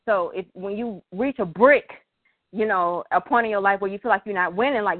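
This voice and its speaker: A young woman talks from the heart in a halting, emotional way, often pausing to collect herself and sounding close to tears. The sound is thin and phone-like, and the room is dry and close. Her pitch sits in an ordinary middle range. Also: no room sound. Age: 20s. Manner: heartfelt, halting, many fillers. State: tearful, emotional. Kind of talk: emotional personal talk.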